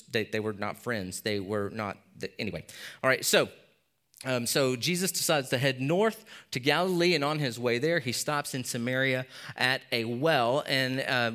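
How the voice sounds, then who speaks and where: A pastor in his thirties giving a casual sermon to a congregation, often checking in with "all right?" and "okay?", and dropping softer for serious points. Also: mid-range voice.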